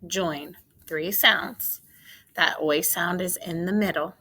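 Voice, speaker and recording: A woman teacher giving a phonics spelling lesson for young children, sounding out each word slowly and deliberately. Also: fairly low pitch, bright, forceful tone, slightly rough. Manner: slow, deliberate, sounding out words. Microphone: recorded for a video lesson.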